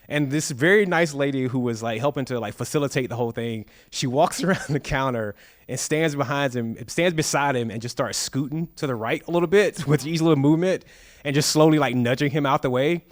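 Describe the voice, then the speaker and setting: A man's voice: mid-range voice, fairly quick. A man, an author at a live bookstore event, telling anecdotes and acting out the quoted dialogue. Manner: lively storyteller, acts out quoted dialogue. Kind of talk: storytelling at a live book talk. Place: bookstore stage before an audience.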